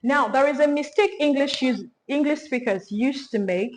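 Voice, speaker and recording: A woman teaching a beginner French lesson, speaking slowly and repeating each phrase for learners. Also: high voice, poor audio.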